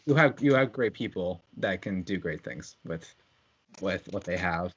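A man's voice: sits low, lively intonation, a little slow, husky, highs cut off. A man co-hosting a podcast, chatting casually about a film and tossing in joking asides. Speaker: podcast co-host. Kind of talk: casual film discussion chat.

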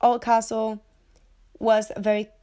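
A woman's voice: fairly high pitch, completely flat delivery, measured pace, dark tone. Young woman, casual film-review vlogger, under the weather and a little breathless; chatty and digressive, playful, swears casually. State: sick, short of breath, coughing. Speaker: movie reviewer.

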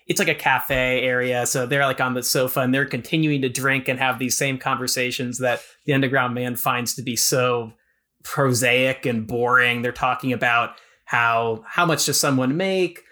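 A man with a bright, forceful voice talks through a novel on a casual podcast. He retells the plot with energy and slips into the characters' lines as he goes. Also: medium pitch. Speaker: podcast co-host. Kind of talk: casual literary discussion.

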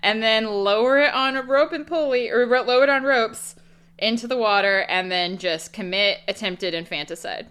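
A woman's voice: on the high side, moderate pace, a bit bright, clear, resonant tone. A woman co-hosting a podcast, recapping a movie in sardonic, swearing casual chat and laughing often. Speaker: podcast co-host.

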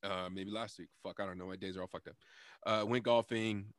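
Rambling, profane podcast host. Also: male voice, deep voice, steady tone, brisk, dry recording, clean studio sound. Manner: profane, rambling, laughs often. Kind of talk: casual storytelling chat.

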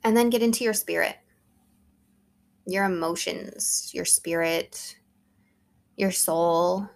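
Gravelly-voiced woman coaching her listeners. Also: fairly low pitch, takes it slowly. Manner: earnest and conversational, coaching listeners directly. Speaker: podcast host. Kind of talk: solo podcast talk, motivational.

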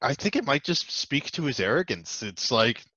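A man's voice: medium pitch, sing-song, moderate pace, sharp tone, dry recording, lo-fi sound. A man chiming in on a casual podcast chat with short, wry remarks.

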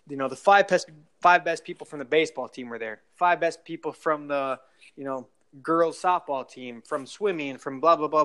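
A man's voice: a little high, fairly bright tone. A young adult man telling long, rambling stories in a casual podcast chat, full of fillers and restarts. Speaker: guest storyteller.

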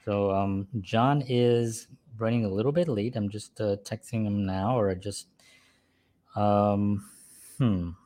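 A man's voice: lowish voice, fairly even intonation, takes it slowly, dark tone. A middle-aged man hosting a casual talk show from home, rambling with many fillers and restarts. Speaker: podcast host. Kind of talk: casual chat.

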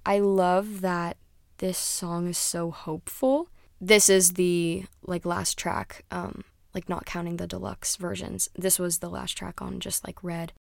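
A woman's voice: on the low side, level tone, a little slow, gravelly. A young woman chatting casually as a music reviewer, rambling and dropping into whispered asides. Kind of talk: casual chat.

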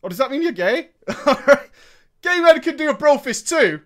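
A man with a high, bright voice that leaps all over the place reads viewers' gaming stories aloud. He stops to react with profane jokes and frequent laughter, keeping it loose and conversational. His pitch swings widely from line to line. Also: measured pace. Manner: animated and profane, laughing often. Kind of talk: casual storytelling chat.

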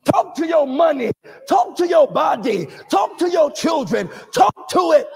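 A man preaching a charismatic sermon, shouting in a sing-song cadence, calling for responses and breaking into tongues. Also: very high-pitched, sing-song, measured pace, vocal fry, soft background music. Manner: calls for congregation responses.

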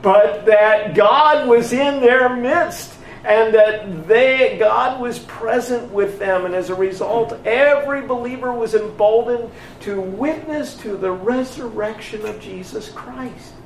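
A man preaching a sermon, retelling a scripture story slowly and emphatically, acting out the exchanges between its characters. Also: high-pitched, recorded from a distance, slight background noise. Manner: slow, emphatic storytelling with voiced dialogue. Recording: echoey room picked up from afar.

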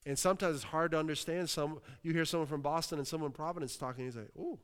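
Rapid-fire and steady, the pastor's clear, resonant voice sits on the high side. Preaching in Western Pennsylvania style, he bursts out with hallelujahs and asks the crowd for responses, while long hall reverb fills the sound.

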